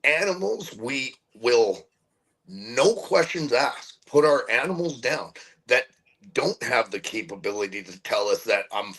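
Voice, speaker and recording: Earnest, halting middle-aged man. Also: mid-range voice, lively intonation, a bit bright, slightly rough, poor audio. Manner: halting, repeats words while searching for them; earnest and heartfelt. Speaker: interview guest. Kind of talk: candid conversational interview.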